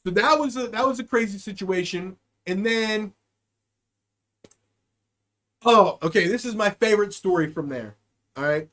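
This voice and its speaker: A man hosting a live show, telling a story in a loose, profane way, speeding up and then drawing his words out. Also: high-pitched. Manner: animated, profane, swings between quick and drawn-out. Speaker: podcast host. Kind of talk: casual storytelling.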